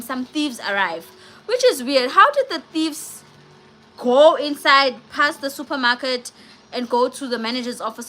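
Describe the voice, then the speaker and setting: Bright-voiced woman vlogging. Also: a little high, a little hiss or hum, poor audio. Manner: chatty, animated retelling with frequent slang fillers. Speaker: vlogger doing a live movie review. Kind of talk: casual live-stream chat and plot retelling.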